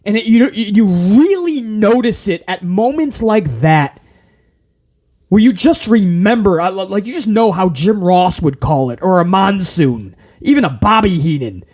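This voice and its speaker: A man hosting a casual wrestling review, ranting in an animated, exasperated way. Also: high voice. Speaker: podcast host.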